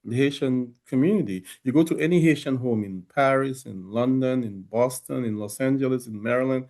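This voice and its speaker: A man's voice: medium pitch, fairly quick, a little mellow. A man from Dominica, a guest in a conversational interview, speaking reflectively with many restarts.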